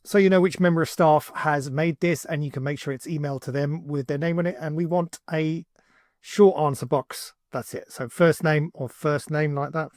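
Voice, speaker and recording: A man hosting a software tutorial, talking casually and thinking aloud with fillers as he builds something on screen. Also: a little high, fairly even intonation, moderate pace, no echo, studio quality. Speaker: tutorial host, agency owner.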